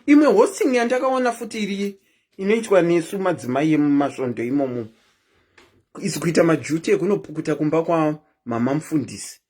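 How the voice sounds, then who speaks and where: A woman's voice: deep voice, brisk, mellow. A woman hosting a live stream, chatting casually and keeps asking her viewers questions.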